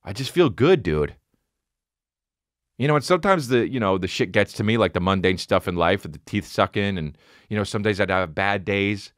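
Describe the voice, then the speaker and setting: A man in his forties hosts a podcast alone, rambling through a profane story and leaping into high, loud voices whenever he quotes someone. His usual voice sits on the low side. The sound is dry and close, with no room echo. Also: lively intonation, moderate pace. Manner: rambling and profane, acts out quotes with big pitch jumps. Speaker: podcast host. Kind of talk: casual monologue.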